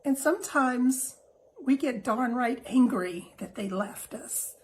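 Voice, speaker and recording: A middle-aged woman hosting a heartfelt, reflective monologue. She speaks in a gentle, reassuring way and sounds emotional, close to tears. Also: fairly high pitch, expressive, slow pace, slight background noise, rough recording. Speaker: host.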